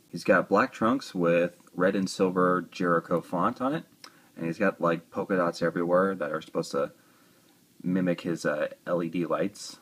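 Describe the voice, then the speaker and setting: A man talks through a toy review in a loose, rambling way, tossing in joking asides. His voice sits low and has a husky grain. The delivery stays easygoing and conversational. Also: normal speed, fairly bright tone. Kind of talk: casual review talk.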